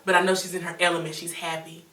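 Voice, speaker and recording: A woman chatting casually on a panel, animated and joking as she talks about family. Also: on the low side, quick pace. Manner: animated, joking, laughs often. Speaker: co-host. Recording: echoey room, mic at a distance.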